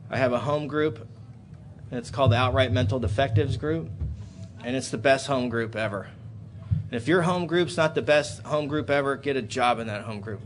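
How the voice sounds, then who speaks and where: A man in his thirties speaking at a recovery meeting in a hotel hall, telling a personal story and building to loud, animated outbursts. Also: medium pitch, normal speed, a little hiss or hum. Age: 30s.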